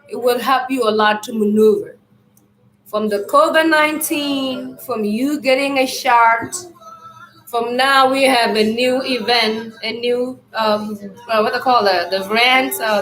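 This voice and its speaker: On a live stream, a high-pitched woman speaks loudly and loosely, rambling through a spiritual message and addressing her viewers as family. She keeps clearing her irritated throat, and the audio has a roomy echo.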